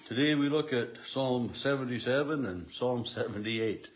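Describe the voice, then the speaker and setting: A man of ordinary pitch gives a daily Bible devotion to his camera as a pastor. He talks unscripted and halting, often restarting phrases. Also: slight background noise. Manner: halting, many restarts and fillers. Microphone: camera at home setup.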